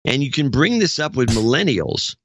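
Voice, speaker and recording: A man co-hosting a podcast in casual chat, rambling and halting as he talks. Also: mid-range voice, big pitch swings, a bit bright, slight background noise. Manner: rambling, halting, with many restarts. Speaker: podcast co-host. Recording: dull, dry podcast audio.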